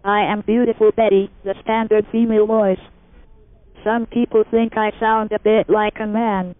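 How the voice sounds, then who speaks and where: A synthetic female text-to-speech voice, buzzy and robotic, reading in an even machine cadence. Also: mid-range voice, normal speed, dry recording. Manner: flat, evenly paced machine reading. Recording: narrow lo-fi archival tape.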